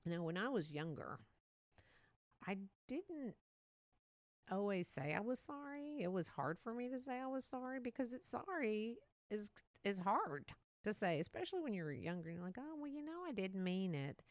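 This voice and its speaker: A woman hosting a casual solo podcast, talking in a chatty, animated way and laughing often. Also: mid-range voice, normal speed, no room sound. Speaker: podcast host.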